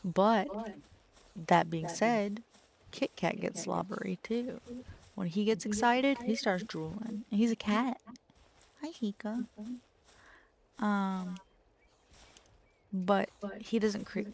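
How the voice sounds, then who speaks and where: A woman's voice: medium pitch, slow, creaky, long pauses, darkish tone, breathy edge. A young woman streamer chatting casually with her viewers, laughing often and swearing freely. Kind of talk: casual live-stream chat.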